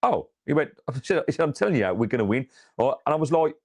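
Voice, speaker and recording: Man, fan co-host, casual chat, fast talker, gets animated. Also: a little high. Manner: animated storytelling, rises in excitement. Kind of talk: casual match-reaction chat.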